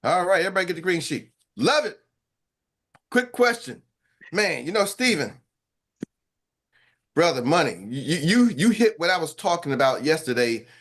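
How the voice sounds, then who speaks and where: A man hosting a morning sales-training call as coach, talking in an animated, hyped and slangy way with quick asides. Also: on the high side. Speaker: sales coach and show host. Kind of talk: energetic motivational team talk.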